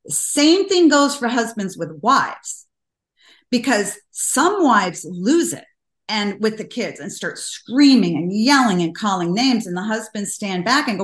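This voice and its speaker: An older woman speaking as a guest in an interview, telling stories earnestly and getting animated when she quotes people. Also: mid-range voice, unhurried. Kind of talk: conversational interview. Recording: roomy echo.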